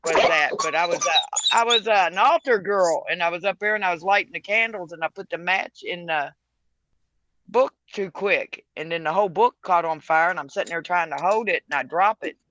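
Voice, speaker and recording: A man calling in to a podcast, telling stories in an excitable way and laughing as he goes. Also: high-pitched, a little fast, no room sound. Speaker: caller. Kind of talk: casual storytelling.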